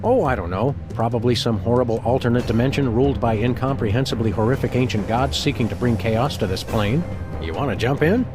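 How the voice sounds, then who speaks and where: A man voicing a wordy, deadpan dog detective in a video game, with a dry, long-winded delivery. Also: medium pitch, brisk, over music, close to an everyday voice.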